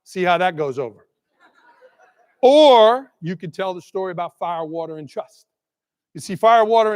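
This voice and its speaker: A middle-aged man tells stories and jokes from a conference stage, drawing the audience in with questions. His voice sits high for a man. Long reverb from a big hall trails after his words. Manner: animated storyteller, asks the audience questions. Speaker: keynote speaker. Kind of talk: energetic keynote talk with jokes.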